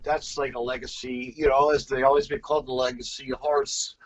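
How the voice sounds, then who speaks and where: A man co-hosting a podcast, excitable and rambling, filling his talk with "you know". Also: medium pitch, fairly quick, poor audio. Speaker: podcast co-host. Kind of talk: casual chat.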